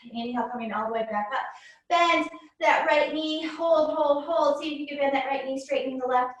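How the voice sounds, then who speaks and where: A woman yoga instructor, a little out of breath, calling out poses and encouraging cues through a guided class. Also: high-pitched. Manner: encouraging cues, frequent "good". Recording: echoey room, voice from far off.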